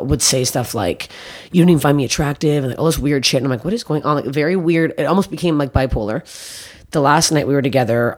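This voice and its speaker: A woman from Canada, a comedian guest, telling blunt, profane stories in casual podcast chat with lively quoted dialogue. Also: a bass voice.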